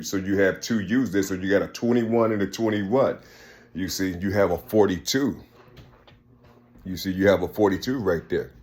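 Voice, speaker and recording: A man's voice: on the low side, darkish tone. A man giving a rambling spiritual monologue, repeating himself often. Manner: rambling, repeats "you see" constantly.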